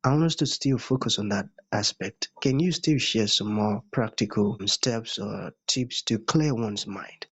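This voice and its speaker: Husky-voiced male podcast host. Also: on the low side, measured pace, hardly any pauses, muffled recording. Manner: effusive, praising. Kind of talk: interview host questions.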